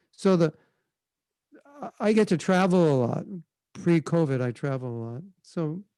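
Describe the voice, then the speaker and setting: A man answering questions on a video call, telling a relaxed story and demonstrating chanting. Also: a little high, no echo. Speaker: spiritual teacher answering questions.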